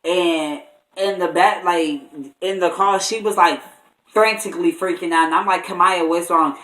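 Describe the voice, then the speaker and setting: Brief: young male vlogger, chatty and animated, voice bouncing around an echoey room from a distance. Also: high-pitched, normal speed. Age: young adult. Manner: animated, full of "like" and restarts. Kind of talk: casual storytime.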